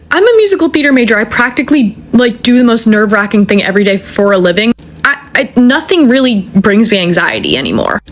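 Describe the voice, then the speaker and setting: Animated profane young woman telling a story. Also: a little high. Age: 20s. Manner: animated, profane, self-mocking. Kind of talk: casual storytelling.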